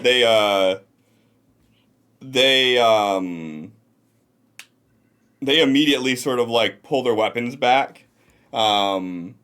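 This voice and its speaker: A man narrating a tabletop game as game master, relaxed with many fillers. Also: mid-range voice, clean tone.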